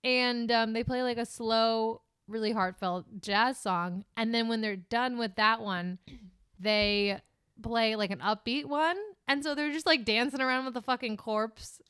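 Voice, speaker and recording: A woman's voice: fairly high pitch, measured pace, fairly bright tone, clear, resonant tone, dry recording, clean studio sound. A woman with a Californian accent co-hosting a casual podcast chat, rambling, swearing freely and laughing easily. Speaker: podcast co-host.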